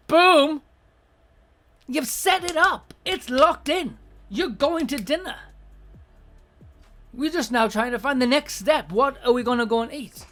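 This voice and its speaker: A blunt, foul-mouthed host giving dating advice in a loose, off-the-cuff monologue. The voice sits at a middling pitch and keeps slipping into little acted-out sample lines, with soft music just audible underneath. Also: animated, normal speed.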